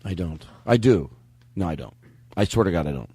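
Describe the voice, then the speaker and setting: A man hosting a comedy podcast in casual chat, his voice hoarse, joking and swearing. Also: deep voice, brisk, no room sound. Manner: joking, animated, swears a lot. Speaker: podcast host.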